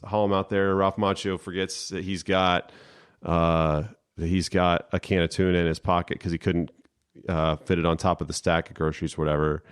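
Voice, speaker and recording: A man co-hosting a podcast, talking casually with lots of pauses and fillers. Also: low-pitched, clean tone. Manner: halting, many fillers and restarts. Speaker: podcast co-host, lawyer. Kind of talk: casual chat.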